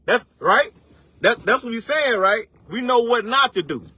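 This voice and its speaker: A man's voice: very high-pitched, lively intonation, sharp tone, husky, dry recording. A man giving a casual, profane motivational rant, full of slang and rhetorical questions, stretching words for emphasis. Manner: preachy, drawn-out emphasis. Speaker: online commentator.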